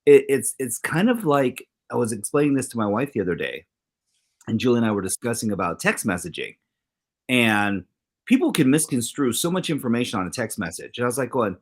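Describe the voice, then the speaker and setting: A middle-aged man co-hosting a talk show in casual chat, animated, acting out quoted exchanges with big swings in his voice. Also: mid-range voice, brisk. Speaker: co-host.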